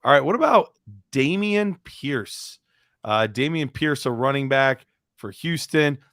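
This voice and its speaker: A man's voice: medium pitch, lively intonation, a little slow, a bit bright, dry recording. Male podcast host, casual and rambling, dry sound. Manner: loose, chatty, fumbling through notes while asking questions. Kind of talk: casual sports chat.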